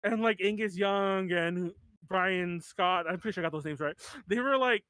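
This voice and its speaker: A man's voice: high-pitched, normal speed, bright, forceful tone, smooth, dry recording. A man in his thirties hosting a podcast in casual chat, rambling with lots of "like" and restarts and laughing often. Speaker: podcast host.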